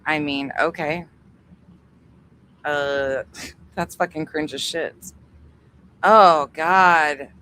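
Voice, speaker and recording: A woman with a somewhat low voice hosts a casual livestream. Her talk is loose and profane, and she laughs easily as she thanks members by name. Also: fairly even intonation, pushed and bright, a little hiss or hum. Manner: chatty, profane, quick to laugh. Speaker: livestream host.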